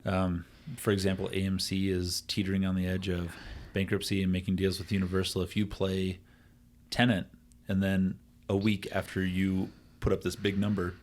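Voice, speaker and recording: Very deep-voiced man chatting on a podcast. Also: completely flat delivery, normal speed, darkish tone, slight background noise. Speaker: podcast co-host. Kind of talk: casual podcast discussion.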